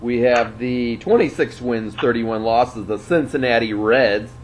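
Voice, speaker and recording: A man's voice: medium pitch, unhurried, slight background noise, low-quality recording. A man co-hosting a casual sports picks show, reading out team records and giving his picks in a dry, offhand way.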